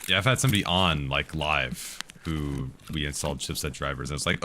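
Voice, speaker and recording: A man's voice: very deep voice, fairly quick, few pauses, sharp tone, a little hiss or hum. A man casually streaming a game, chatting and answering viewers' tech questions while he plays. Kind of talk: casual live-stream commentary.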